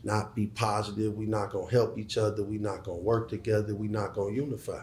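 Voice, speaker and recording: A man's voice: fairly low pitch, little pitch movement, fast talker, a little mellow, echoey room, a little hiss or hum. A middle-aged man speaking as an interview guest, emphatic and profane, often repeating words as he starts a sentence. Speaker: guest, former hustler turned entrepreneur. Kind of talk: casual interview talk.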